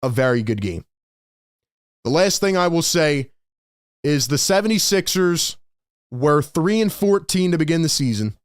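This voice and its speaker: Animated man hosting postgame sports talk. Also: on the high side, moderate pace, smooth, dry recording, clean studio sound. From Philadelphia area. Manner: animated, rhetorical, heavy use of "man".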